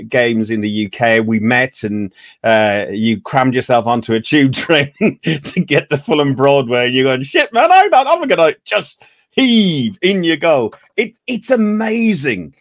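A man co-hosting a casual football chat, animated and joking with frequent restarts. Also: medium pitch, measured pace, dry recording, clean studio sound. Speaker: podcast co-host.

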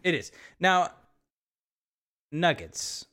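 A man chatting on a podcast with a slightly high, very lively voice that swings up and down. He jokes, swears freely and now and then bursts out loudly. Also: extremely slow. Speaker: podcast co-host. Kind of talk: casual chat.

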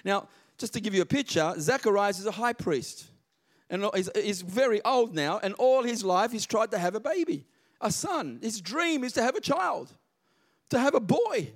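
High, lively male preacher. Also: normal speed. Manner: emphatic, repeats words for stress. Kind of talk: sermon.

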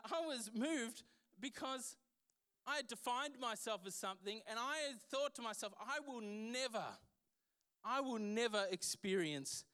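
A man's voice: high-pitched, sharp tone, smooth. A man preaching a sermon as pastor, emphatic and full of restarts and repeated words.

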